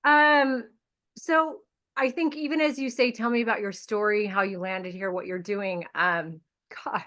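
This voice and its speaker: A woman speaking as an interview guest, emotional and close to tears, talking openly and apologetically with halting restarts. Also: mid-range voice, steady tone, fairly bright tone. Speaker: podcast host appearing as a guest. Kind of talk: candid interview answers.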